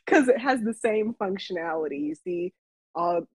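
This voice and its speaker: A woman with a lowish voice speaks at a moderate pace over a noisy background, co-hosting a podcast from Las Vegas. She tells a story in casual chat, laughing often and getting animated when she quotes herself. The recording is dull, lo-fi and dry.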